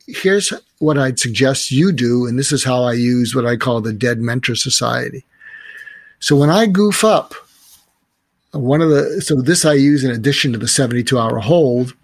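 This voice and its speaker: A man's voice: medium pitch, no room sound. A man, a podcast guest, telling stories and giving advice in an earnest, reflective way. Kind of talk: conversational storytelling.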